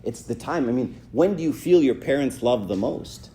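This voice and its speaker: Mellow-voiced man giving a church talk. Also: medium pitch, lively intonation, normal speed, slight background noise. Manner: conversational, asks "right?" often, acts out quotes. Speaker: church speaker. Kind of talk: informal talk to a youth audience.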